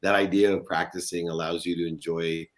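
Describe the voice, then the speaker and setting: A man's voice: low-pitched, little pitch movement, a little fast. A man as an interview guest, talking earnestly and emphatically in a motivational way. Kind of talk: motivational conversation.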